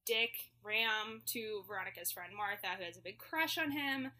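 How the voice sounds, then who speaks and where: A woman's voice: mid-range voice, expressive, moderate pace, sharp tone. A woman co-hosting a podcast, chatting casually and laughing often as she recaps a musical. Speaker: podcast co-host. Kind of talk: casual chat summarizing a musical.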